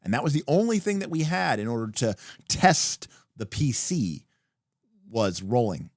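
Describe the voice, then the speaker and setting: A man hosts a livestream and explains game rules with real emphasis, his pitch swinging widely as he talks. His voice sits at an ordinary middle pitch. The recording is close and dry, with no room sound. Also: unhurried, no room sound. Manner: animated, emphatic explaining with profanity. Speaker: podcast host. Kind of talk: livestream talk about tabletop games.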